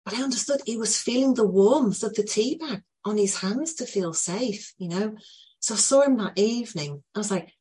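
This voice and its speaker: A woman telling an emotional personal story to a group, earnest and full of pauses. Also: mid-range voice, expressive, dark tone, husky. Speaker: group participant sharing a story.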